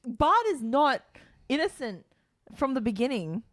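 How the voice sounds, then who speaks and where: A woman's voice: sits high, big pitch swings, measured pace. A woman on a podcast panel chatting casually about cartoon episodes, asking questions as she builds her point. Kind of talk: casual chat reviewing episodes.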